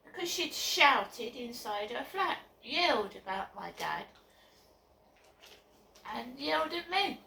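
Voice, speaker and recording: Outdoors by her flats, a woman vlogs on her phone in a high, animated voice, speaking slowly with vocal fry, long pauses and a sharp tone. She sounds upset, insistent and repetitive, far from the mic in an echoey recording with faint background noise.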